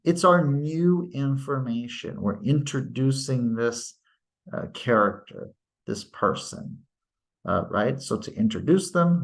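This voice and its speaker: A man teaching a grammar lesson, explaining sentence structure in a deliberate way and reading out example sentences. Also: medium pitch, lively intonation, vocal fry. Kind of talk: grammar lecture.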